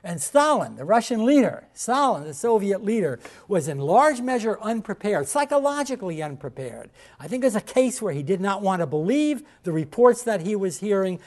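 A man delivers a history lecture to a class in a halting, emphatic way. He stumbles through fillers and restarts, then repeats his key points for emphasis. He points to slides and checks in with his listeners as he goes. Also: high-pitched, darkish tone.

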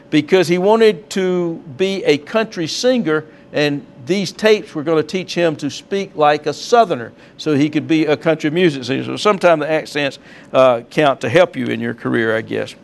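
Male lecturer, fairly high-pitched, mixes read passages with offhand remarks. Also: vocal fry. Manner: reads from notes, adds asides with fillers. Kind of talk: classroom lecture with slides.

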